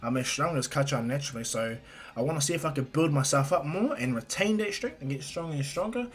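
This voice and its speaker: A man voicing an earnest, cheerful teenage boy hero in a high, excited voice in a spoken fan story. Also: fast talker, lightly acted. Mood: eager.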